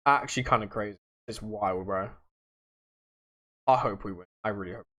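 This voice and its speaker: Young man rambling on a livestream. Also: moderate pace. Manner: rambling, slangy, laughs, swings between loud outbursts and low mutters. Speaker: livestream host chatting with viewers. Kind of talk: casual livestream chat.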